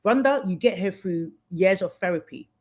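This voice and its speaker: A woman's voice: mid-range voice, lively intonation, normal speed, darkish tone. A woman guest giving candid advice in conversation, acting out the voices of people she quotes. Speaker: podcast guest.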